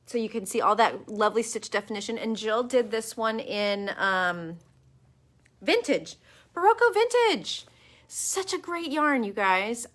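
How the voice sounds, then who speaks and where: A woman's voice: a little high, sharp tone. A woman hosting a casual live chat from her yarn shop, enthusiastic and full of fillers, speaking to a webcam. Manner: chatty, enthusiastic, lots of fillers.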